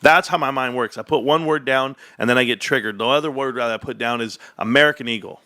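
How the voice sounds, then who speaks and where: A man hosting a casual livestream, talking about stocks in an animated, boastful, rambling way. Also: mid-range voice, fast talker, dry recording, studio quality. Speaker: host.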